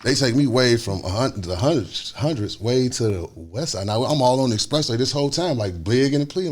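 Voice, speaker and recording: A man, telling a story in a casual interview, animated and acting out the other people's voices. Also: mid-range voice, a little fast, hardly any pauses. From Chicago. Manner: animated, acts out voices, swings between loud and hushed. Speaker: guest storyteller.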